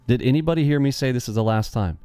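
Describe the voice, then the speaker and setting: A man's voice: mid-range voice, quick pace, dark tone, clear, resonant tone, dry recording. A man hosting a day-trading live stream, brashly mocking and talking back to his chat.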